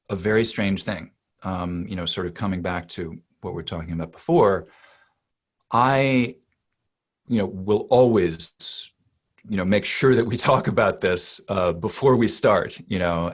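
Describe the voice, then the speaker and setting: Guy in his 40s, dialect coach, slightly low voice, talks it through slowly with lots of ums and restarts. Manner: thoughtful, with many fillers and restarts. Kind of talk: conversational interview answer.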